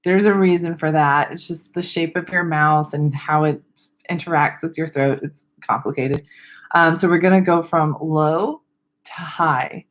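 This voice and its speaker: A young woman teaching vocal exercises in a casual online webinar, relaxed and self-deprecating, with a little vocal fry at the ends of her sentences. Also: deep voice, a little slow. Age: young adult. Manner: friendly, loose, laughs at herself, demonstrates vocal exercises. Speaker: speech therapist.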